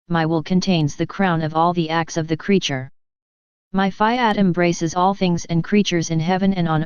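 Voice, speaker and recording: A woman reading a devotional text aloud in an even, measured way. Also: fairly low pitch, smooth, no room sound. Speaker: reader. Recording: dry, slightly dull lo-fi.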